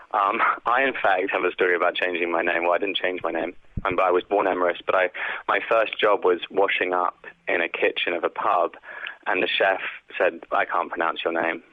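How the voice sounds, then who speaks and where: Man on a tinny phone line, low voice. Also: no echo. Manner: reflective, earnest, with many fillers. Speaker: guest actor. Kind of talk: casual interview chat.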